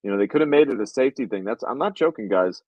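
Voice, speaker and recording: A man's voice: mid-range voice, quick pace, dry recording, dull audio. Man telling a story, casual and profane. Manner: animated, profane, acts out quotes. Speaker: podcast host, filmmaker.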